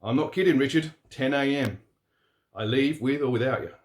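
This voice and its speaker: A man voicing a stubborn old male truck driver, gruff and insistent. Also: mid-range voice, moderate pace, close to an everyday voice. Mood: stern warning. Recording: roomy echo.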